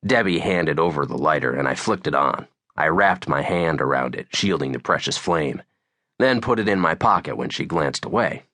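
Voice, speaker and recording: A man narrates a gritty first-person novel with a wry, sardonic bite. His voice is low but bright and forward, and his pitch moves a lot. The recording is dry and close. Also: animated, normal speed, no room sound. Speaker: audiobook narrator.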